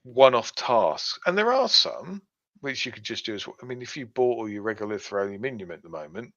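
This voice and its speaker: With big pitch swings and a brisk delivery, a podcast co-host's mid-range, fairly bright voice guides listeners step by step through topics. The chat is casual and heavy on fillers, recorded in dull lo-fi quality.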